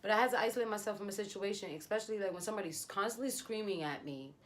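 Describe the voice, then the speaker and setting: Animated young woman telling a story. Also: medium pitch, rapid-fire. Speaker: beauty vlogger. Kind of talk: storytime vlog.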